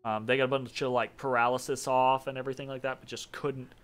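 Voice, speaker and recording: A man's voice: mid-range voice, little pitch movement, fast talker, fairly bright tone, clean tone. A man casually commenting on his strategy game turn, thinking aloud with many ums and restarts. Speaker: game streamer. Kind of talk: casual let's-play commentary.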